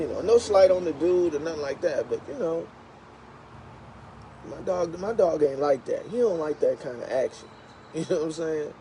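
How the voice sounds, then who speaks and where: Chatty man telling stories, mellow voice. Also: high-pitched, a little hiss or hum, low-quality recording. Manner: chatty, animated storyteller. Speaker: live streamer. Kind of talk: casual storytelling on a livestream.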